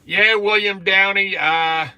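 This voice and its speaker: Chatty fifties man with a bright voice. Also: sits high, steady tone, slow, smooth, no echo. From New Jersey. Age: 50s. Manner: chatty, greets viewers by name, swears casually. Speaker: truck driver livestream host. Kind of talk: casual live chat. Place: truck cab on lunch break.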